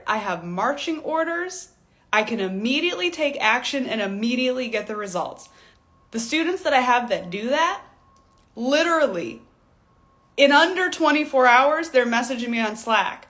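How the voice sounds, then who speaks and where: A woman's voice: on the high side, animated, takes it slowly, pauses often, fairly bright tone. A woman in her thirties, a stylist business coach, giving a blunt, profane motivational rant with mocking impressions.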